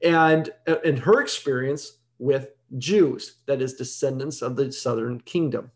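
A man's voice: mid-range voice, a little slow. A man giving an evening Bible teaching in a conversational way, explaining step by step and often checking in with "right?".

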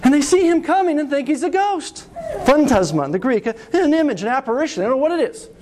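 Middle-aged male preacher, high lively voice, storytelling sermon, faint background ambience. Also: quick pace, a little hiss or hum. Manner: animated storytelling, asks "right?".

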